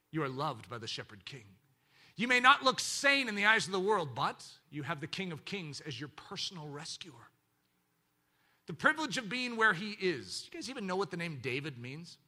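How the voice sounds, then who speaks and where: A male pastor preaching a sermon in an animated way, swinging between loud emphasis and hushed, intimate moments. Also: very high voice.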